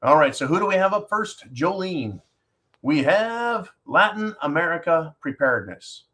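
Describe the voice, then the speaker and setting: Ranting man host, animated and sarcastic. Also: a little high, measured pace. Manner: addresses listeners as folks. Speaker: host reading listener questions. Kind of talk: casual opinion talk show.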